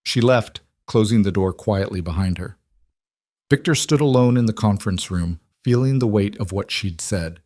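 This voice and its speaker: A man giving an even, measured scripted story narration. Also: fairly low pitch, no room sound, clean studio sound.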